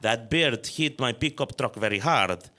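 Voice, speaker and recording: A man voicing a gruff, blunt older uncle with a rough accent and broken English, read aloud from a story. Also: medium pitch, lively intonation, measured pace, bright, forceful tone. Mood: curt. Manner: curt, dismissive.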